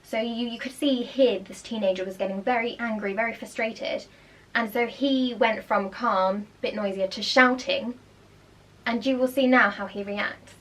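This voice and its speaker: A woman's voice: a little high, moderate pace. Young female teacher, chatty and explanatory, casual at-home commentary. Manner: chatty, explanatory, animated asides. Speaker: primary school teacher.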